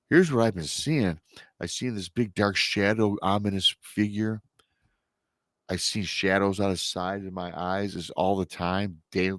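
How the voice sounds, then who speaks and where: A low-voiced man in his thirties from Michigan appears as a podcast guest, recounting his own paranormal experience. He tells it casually and with animation, imitating the people he quotes, and the audio has no echo.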